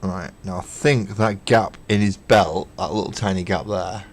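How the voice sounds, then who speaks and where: A man's voice: sits low, fairly even intonation, moderate pace. A man chatting casually on a live stream while building miniatures, counting parts aloud, mocking himself and swearing offhandedly. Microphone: webcam stream.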